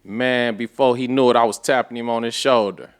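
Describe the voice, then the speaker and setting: A man, a podcast guest, telling a story in a casual, animated way with profane street slang. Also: mid-range voice, brisk, clean tone.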